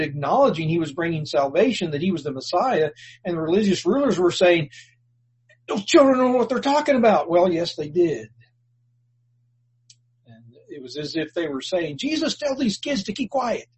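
A man delivers a sermon in an earnest, plainspoken manner, pausing and restarting words as he explains scripture. His voice sits fairly high for a man and is very breathy and husky throughout. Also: a little mellow, low-quality recording. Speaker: preacher.

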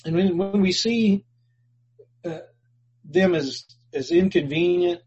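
A man's voice: high voice, slow pace, darkish tone, slightly rough, muffled recording. A man preaching a sermon in an earnest, plainspoken way, reading and explaining scripture for a congregation. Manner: earnest, plainspoken, restarts words, rises when quoting scripture.

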